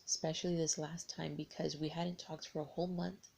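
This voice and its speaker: American woman vlogger, young, low flat husky voice with fry, rambling storyteller. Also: brisk. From United States. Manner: rambling, hesitant, many restarts. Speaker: tarot vlogger. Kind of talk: casual personal storytelling.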